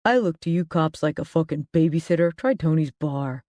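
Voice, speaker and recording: A narrator voicing a loud, foul-mouthed bald thug, defiant and swearing, in a dry recording. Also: medium pitch, expressive, normal speed, no echo, lightly acted.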